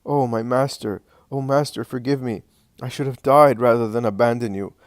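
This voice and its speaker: A man's voice: medium pitch, steady tone, moderate pace, dry recording, close to an everyday voice. A man voicing a remorseful young male disciple who sobs and cries out in broken phrases. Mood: anguished. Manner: sobbing, crying out in broken phrases.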